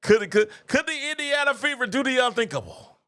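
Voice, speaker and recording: A man's voice: very high voice, expressive, fairly quick, pushed and bright. A man hosting a basketball show, talking casually and animatedly and laughing at his own jokes. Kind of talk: casual sports commentary.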